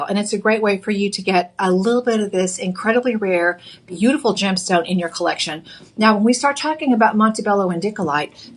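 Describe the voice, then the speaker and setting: A woman with a Texan accent hosting a live jewelry shopping show, chatty and upbeat with casual fillers. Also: mid-range voice. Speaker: shopping channel jewelry host.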